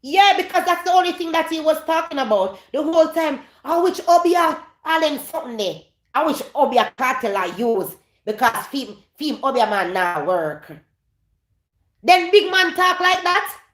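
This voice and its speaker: A woman's voice: sits high, expressive, normal speed, echoey room. A woman with a Jamaican accent hosting a gossip commentary vlog, emphatic and repeating her points, slipping in and out of Patois. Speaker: vlogger host.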